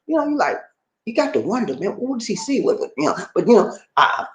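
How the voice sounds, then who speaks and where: Hosting a casual livestream, a man from Charleston, South Carolina talks fast in a voice that sits high. He's lively, addressing viewers, reading their comments and laughing often, with poor audio from an echoey room.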